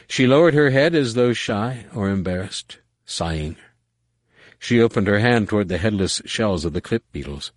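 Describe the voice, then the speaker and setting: Deep-voiced male audiobook narrator. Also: animated, moderate pace, no room sound.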